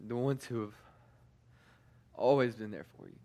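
A man's voice: medium pitch, moderate pace, warm tone. A man in his thirties, a youth pastor, telling stories in a casual sermon, stumbling through frequent restarts and fillers.

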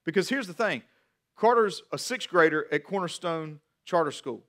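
Animated preaching man, slightly high voice. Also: normal speed. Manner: animated, repeats words while building a point. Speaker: pastor. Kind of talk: sermon.

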